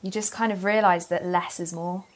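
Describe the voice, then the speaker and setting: A young woman with a southern English accent, a singer guesting on a casual chat, relaxed and agreeable. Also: lowish voice, moderate pace. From England.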